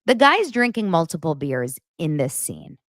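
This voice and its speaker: A woman in her thirties hosts a casual recap show, gushing and animated with plenty of fillers. Her voice sits low but swings widely. The sound is close and dry. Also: moderate pace, no echo. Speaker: podcast host recapping reality TV. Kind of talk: casual chatty commentary.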